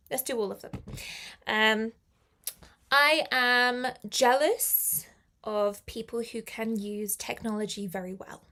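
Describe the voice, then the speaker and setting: A woman's voice: fairly high pitch, fairly bright tone. A woman teaching a live online English lesson, chatty and encouraging as she answers viewer comments.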